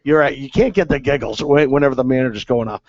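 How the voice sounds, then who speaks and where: A former ballplayer with a medium-pitched, slightly mellow voice tells stories fast in a casual, rambling style. He fills the gaps with lots of "uh" and "okay," and the recording has a dull lo-fi quality.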